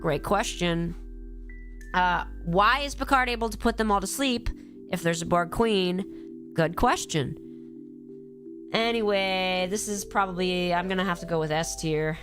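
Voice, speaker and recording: A woman's voice: on the low side, measured pace, a bit bright, faint music behind. A woman with a cold, tired and rambling casually on a live stream, swearing freely and answering her chat as she goes.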